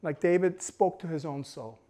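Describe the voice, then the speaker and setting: A male pastor in his young adult years delivers a sermon built on personal stories. His voice sits a little high for a man and moves between soft, hushed stretches and loud, emphatic bursts. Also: moderate pace.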